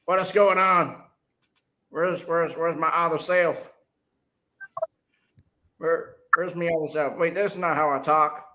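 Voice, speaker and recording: A man's voice: on the high side, steady tone, a little slow, pauses often, sharp tone. Guy putting on a flustered robot inventor, stammery, accent keeps slipping. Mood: confused. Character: male robot inventor, bumbling, mixing up accents.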